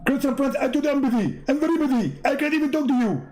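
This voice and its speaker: Brief: a man playing an impatient, high-pitched man who brushes off visitors. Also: expressive, quick pace, music in the background. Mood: irritated. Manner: impatient, scolding. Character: busy, irritable man shooing a visitor away.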